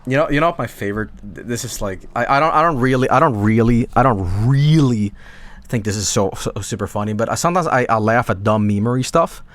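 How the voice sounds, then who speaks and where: A man's voice: medium pitch, fast. A man streaming from home, chatting casually to his viewers in a rambling, stammering way that keeps interrupting itself. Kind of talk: casual live-stream chat.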